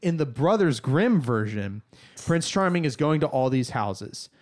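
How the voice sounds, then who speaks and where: A man co-hosting a casual podcast chat, telling stories in an animated, opinionated way. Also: mid-range voice, measured pace. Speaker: podcast co-host.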